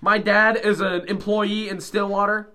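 A man's voice: high-pitched, flat delivery, unhurried, heavy background noise. A young man co-hosting a casual podcast, introducing the others with jokes. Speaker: podcast co-host. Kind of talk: casual chat.

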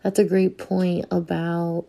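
A woman's voice: fairly low pitch, flat delivery, slow, vocal fry, mellow. A woman guest adding a thoughtful, musing comment on a talk show.

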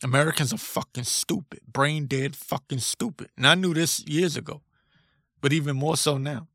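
A man's voice: a little high, normal speed, bright, forceful tone, no room sound, clean studio sound. A man hosting a solo podcast, ranting in a blunt, profane, combative way. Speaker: podcast host.

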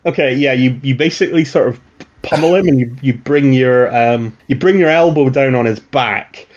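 A man's voice: medium pitch, moderate pace. A man running a tabletop game as game master, chatty and hesitant, laughing often. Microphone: home microphone with noise suppression. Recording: lo-fi online call mic.

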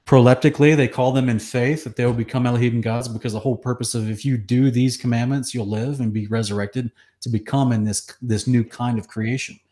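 A man earnestly teaching scripture in conversation, citing verses rapidly with chapter and number. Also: mid-range voice, fairly even intonation, mellow. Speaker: Bible teacher.

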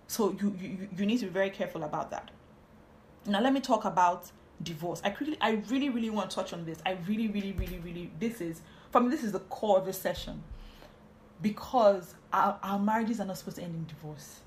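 A woman's voice: medium pitch, a little fast. A woman, hosting a podcast and giving a casual, chatty Bible teaching on marriage, often drifting into asides.

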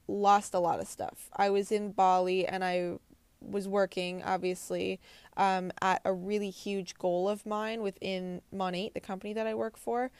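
A woman's voice: medium pitch, a little mellow, clear, resonant tone, no echo. A young woman hosting her own show, talking casually and earnestly to listeners with many fillers and restarts. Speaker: podcast host. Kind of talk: casual spiritual talk to listeners.

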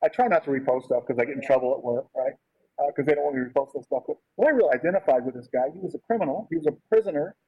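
A man with a husky, slightly breathy voice gives a loose, conversational sermon. He keeps checking in with his listeners and asking "right?" as he talks. The recording sounds dull and lo-fi. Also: a little high, racing, no room sound. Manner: informal, asks "right?" often. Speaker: preacher.

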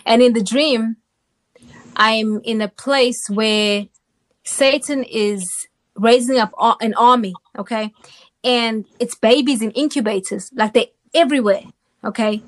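A South African woman, a guest on an interview, animatedly shares her personal testimony and often checks in with the listener. Her voice is on the high side and slow.

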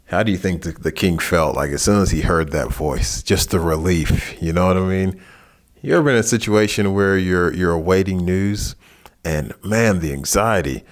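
A man teaching a Bible passage in a relaxed, conversational sermon, who rises in pitch for lively asides. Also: moderate pace. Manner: casual and animated, jumps higher in pitch for asides. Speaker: pastor.

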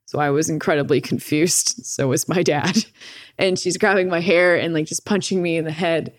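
A woman's voice: low-pitched, moderate pace, no echo, studio quality. A young woman telling a story casually, with lots of swearing and filler words. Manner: profane, filler-heavy with "like"; animated retelling with laughs. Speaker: streamer guest.

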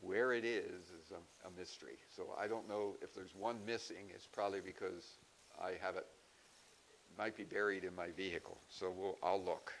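A man making church announcements and telling a joke, folksy and halting. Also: sits low, fairly even intonation, slight background noise, rough recording. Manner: folksy, halting with many fillers. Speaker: church leader giving announcements.

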